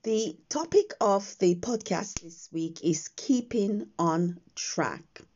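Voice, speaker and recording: A woman hosting her own podcast, talking slowly and gently with pauses, her voice croaky from just waking up, recorded on her phone in a quiet house. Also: mid-range voice, lo-fi sound. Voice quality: croaky morning voice. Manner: slow, gentle, with frequent pauses. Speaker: podcast host. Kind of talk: slow reflective podcast monologue.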